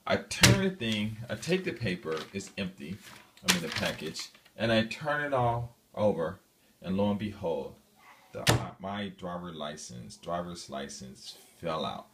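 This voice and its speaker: A man's voice: low-pitched, very animated, measured pace, recorded from a distance, very noisy. A man vlogging a personal story in a casual, rambling way, full of fillers and restarts.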